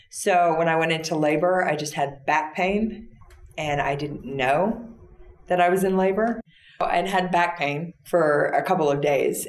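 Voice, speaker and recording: A woman interview guest retelling a personal story in a plain, halting way with fillers. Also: sits low, creaky, reverberant.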